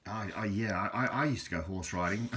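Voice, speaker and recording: A man's voice: on the low side, a little fast, fairly bright tone. A man chatting casually about a book at home, rambling and hesitant, with many fillers and chuckles. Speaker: vlogger reviewing a book. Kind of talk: casual chat.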